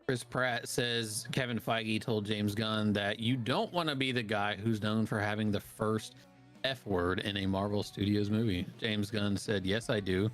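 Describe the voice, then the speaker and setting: A man co-hosts a podcast and reads pop-culture news items in a relaxed, offhand way. He fills gaps with "uh" and "um" as he moves down the list. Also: lowish voice, a little slow, soft background music. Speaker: podcast co-host reading news. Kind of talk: casual news rundown.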